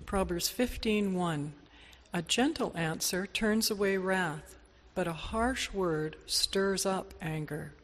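A woman reading scripture aloud in church in a measured, careful way. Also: fairly low pitch, big-room sound. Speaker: scripture reader. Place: church sanctuary.

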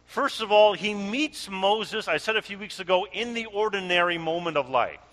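A man preaching a sermon as a pastor, animated and acting out the voices of those he quotes. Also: high-pitched, normal speed, big-room sound.

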